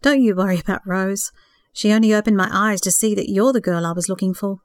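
A woman voicing a gentle, tender young man who speaks warmly and asks curious questions. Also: medium pitch, fairly quick, no room sound, close to an everyday voice.

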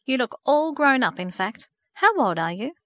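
A woman voicing a warm, effusive aunt who talks enthusiastically in a storybook reading. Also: medium pitch, expressive, fairly quick, no room sound, clean studio sound, close to an everyday voice. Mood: gushing. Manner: gushing, enthusiastic.

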